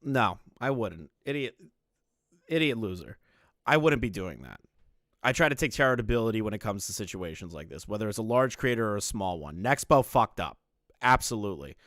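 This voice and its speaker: A man's voice: on the low side, big pitch swings, fairly quick, a bit bright, dry recording, studio quality. Blunt, swearing man reacting to clips. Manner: blunt, swearing, laughs often. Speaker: commentary streamer reacting to clips. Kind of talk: casual profane commentary.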